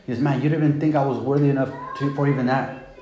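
A man's voice: medium pitch, fairly even intonation, quick pace, dark tone, dull audio. A man preaching a sermon in a casual, conversational way, often saying "man" and "right?" and retelling scripture in plain everyday words. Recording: echoey room with faint background noise.

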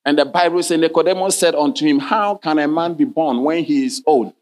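A male pastor preaching in church, his voice sitting a little high for a man. He reads scripture in archaic King James wording and keeps calling "Hallelujah" and asking his listeners questions. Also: a little fast, darkish tone. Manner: preaching, punctuated by frequent "Hallelujah" and direct questions to the congregation. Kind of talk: sermon.

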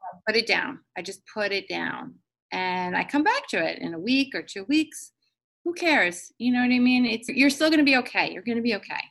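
A woman's voice: on the high side, expressive, brisk, creaky, a bit bright. A woman hosting a casual podcast chat, talking in an earnest, reflective and motivational way.

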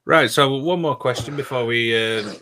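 A man hosts a casual podcast, often giggling while he reads viewer comments aloud. His voice is bright, with mid pitch. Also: normal speed. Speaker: podcast host. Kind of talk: casual chat.

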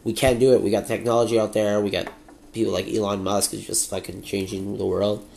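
A man's voice: on the low side, flat delivery, fairly quick, gravelly, a little mellow. A young man with a Canadian accent hosting a solo podcast, ranting heatedly and swearing often. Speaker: podcast host.

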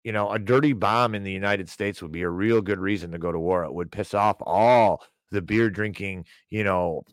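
A man's voice: low voice, moderate pace, few pauses, dry recording. A man hosting a broadcast, ranting and wisecracking in casual, rambling commentary. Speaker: show host.

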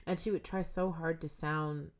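A young woman sits in as a podcast guest, chatting casually and swearing freely. Her voice sits a little low. She swings between loud, animated bursts and hushed near-whispers. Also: normal speed. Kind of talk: casual chat.

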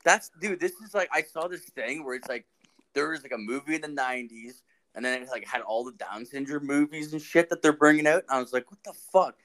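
Crude podcast guy, bright sharp voice, swears nonstop, blunt. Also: on the high side, brisk, rough recording. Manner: profane, blunt, laughs a lot. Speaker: podcast host. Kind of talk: crude casual banter.

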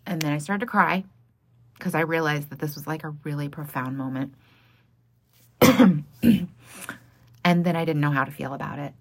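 A woman's voice: sits low, normal speed, long pauses. A woman who runs a small art business tells a personal story frankly and plainly, laughing now and then between lines.

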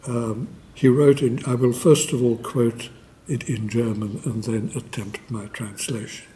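A man giving a formal memorial lecture, measured and deliberate, with pauses and fillers and a dry scholarly wit. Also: mid-range voice, fairly even intonation, dark tone, slight background noise.

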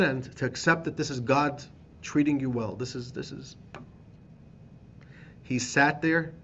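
A man, a rabbi teaching a class, telling a story with animated emphasis and repeated phrases. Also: medium pitch, highs cut off, a little hiss or hum. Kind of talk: storytelling lesson.

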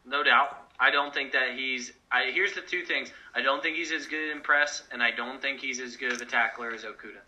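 A man's voice: mid-range voice, fairly quick, hardly any pauses, bright, forceful tone, poor audio. A man co-hosting a casual sports podcast, defensive and argumentative. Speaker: podcast co-host.

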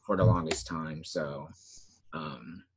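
A man co-hosting a podcast in casual chat, relaxed and often trailing off with fillers. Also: extremely low pitch, takes it slowly, noisy background. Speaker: podcast co-host.

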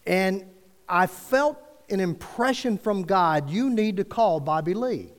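A man tells a personal story from the pulpit, casual and conversational, with frequent restarts as he acts out each exchange. His voice sits a little high for a man. It rings out with a long hall reverb. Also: lively intonation, slow pace. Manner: conversational, quotes dialogue with restarts. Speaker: preacher telling a story. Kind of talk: sermon storytelling.

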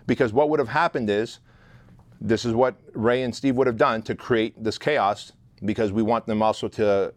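A man's voice: fairly low pitch, dry recording. A man telling a story as an interview guest, blunt and profane, speaking animatedly about leading a team. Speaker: guest, leadership instructor.

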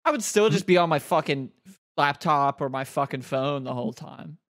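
A man's voice: on the high side, expressive, moderate pace, fairly bright tone, no room sound, studio quality. A young man co-hosting a podcast, telling stories in a loose, profane, laughing way. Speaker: podcast co-host. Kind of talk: casual podcast chat.

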